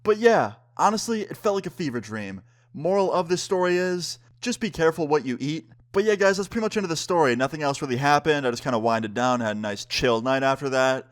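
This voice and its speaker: A man's voice: a little high, expressive, a little fast. A young man casually telling a personal story, acting out the lines of the people in it. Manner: laid-back, acts out quotes of friends.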